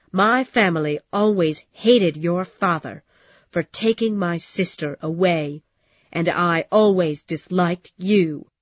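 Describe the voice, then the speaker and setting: A woman's voice: lowish voice, no echo. A woman voicing a bitter, dying old aunt who speaks hard and weak in a dull, dry lo-fi recording. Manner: hard, accusing, weakening.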